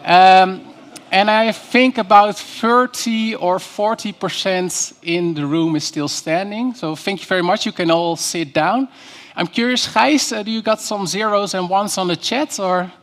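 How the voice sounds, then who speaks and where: A man's voice: sits high, a little slow, a bit bright. A man gives a keynote presentation in a university lecture hall, telling stories and putting questions to the audience. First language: Dutch. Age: 30s. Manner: storytelling, engaging the audience with questions. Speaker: keynote speaker.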